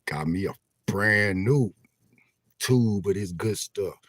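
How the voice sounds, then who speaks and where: An older man chats casually to his viewers in an animated, laughing way, often repeating himself. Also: lowish voice, slow, no room sound. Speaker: vlogger livestreaming. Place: inside a van.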